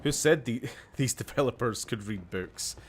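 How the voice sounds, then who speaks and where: A man's voice: mid-range voice, lively intonation, moderate pace, a crowd in the background. A Scottish man streaming a game, chatting casually in a rambling way with laughing asides and the odd swear. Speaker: gaming streamer. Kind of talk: casual live-stream chat.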